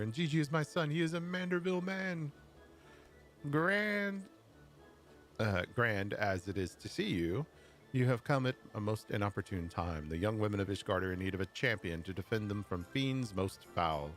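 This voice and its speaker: A man's voice: fairly low pitch, animated, moderate pace, soft background music, pitched above the performer's own voice, close to an everyday voice. A man voicing a pompous, self-important male inspector from a video game who makes theatrical proclamations. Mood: indignant.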